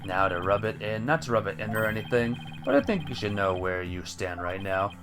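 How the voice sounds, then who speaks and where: A smug thug taunts and gloats over his beaten rivals, as a man puts him on for a game. The voice sits a little lower than the performer's own and drips with mockery. Faint music plays underneath. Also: animated, a little fast. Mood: gloating. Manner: mocking, gloating. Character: smug sneering male landlord thug, taunting.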